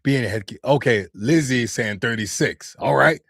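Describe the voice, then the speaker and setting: A man's voice: medium pitch, moderate pace, gravelly, fairly bright tone, breathy edge, dry recording, clean studio sound. An American man and voice actor chatting casually on a live stream, answering viewer comments with loose slang. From United States. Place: home studio.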